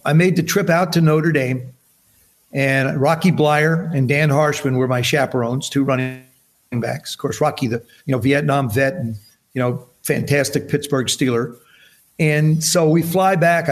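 A man in his seventies from New Jersey, a podcast guest telling stories in casual chat and acting out the voices in them. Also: mid-range voice. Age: 70s. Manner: animated storyteller acting out quoted dialogue.

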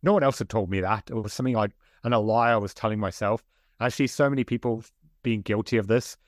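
A man's voice: on the low side, quick pace, no echo, studio quality. A man who is a guest author and coach, speaking earnestly and motivationally in a podcast interview with many "like"s.

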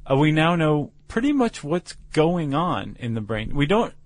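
A man's voice: fairly high pitch, very animated, normal speed, no room sound. A man co-hosting a podcast, explaining science in casual chat with fillers and restarts. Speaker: podcast co-host.

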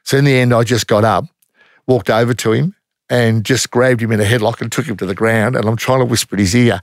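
A man's voice: mid-range voice, a little fast, creaky, dry recording, clean studio sound. A middle-aged man with an Australian accent, a former undercover police officer telling stories in a casual interview, blunt and matter-of-fact with plenty of slang.

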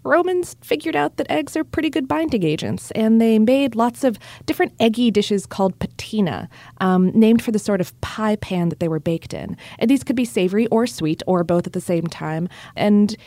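A woman's voice: medium pitch, animated, normal speed, dark tone, dry recording. A woman co-hosting a casual podcast, chatty and folksy, often restarting her sentences. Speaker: podcast co-host. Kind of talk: casual chat.

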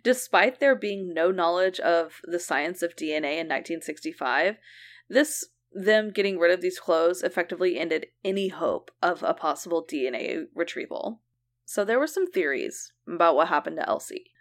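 A woman co-hosting a casual podcast, telling a true crime case, swearing and laughing easily. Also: lowish voice. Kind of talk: casual chat.

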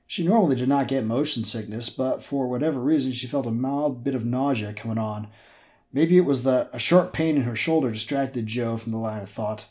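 A man's voice: mid-range voice, darkish tone. A man hosting a podcast, chatting casually and then reading his own novel aloud. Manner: chatty, self-deprecating. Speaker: podcast host and author.

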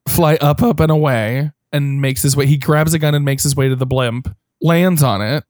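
A man with a slightly high-pitched voice recaps a movie in a relaxed podcast chat, tossing in wry asides and playful jabs. The sound is dry and close to the mic. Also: moderate pace, no echo. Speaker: podcast co-host.

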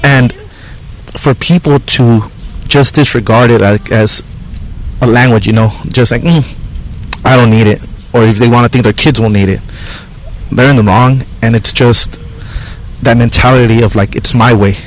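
A man's voice: mid-range voice, steady tone, moderate pace, poor audio. A man hosting a podcast, talking bluntly and casually with lots of "like" and "you know". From Mexican-American. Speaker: podcast host. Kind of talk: casual conversation.

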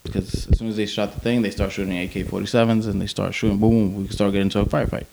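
Profane, low-voiced veteran storyteller. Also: male voice, rapid-fire, creaky. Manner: profane, animated, acts out quotes. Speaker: army veteran guest. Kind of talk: casual war storytelling.

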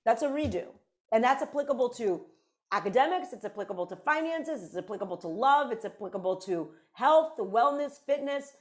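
A woman's voice: fairly high pitch, expressive, a little fast. A woman co-hosting a casual podcast conversation, a parent who speaks in an earnest, reflective way and lists her points. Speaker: podcast co-host.

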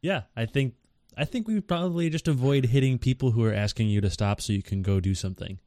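A man's voice: mid-range voice, quick pace, warm tone, dry recording. A man co-hosting a casual podcast, hesitant with stammering restarts and dry humor. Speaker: podcast co-host. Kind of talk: casual news chat.

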